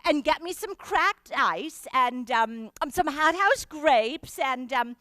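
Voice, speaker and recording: A woman's voice: sits high, animated, pushed and bright, no echo, exaggerated voice. A woman doing a cooing, bossy lady passenger. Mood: coaxing. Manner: bossy, cooing, drawn-out requests. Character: fussy demanding woman passenger, imperious.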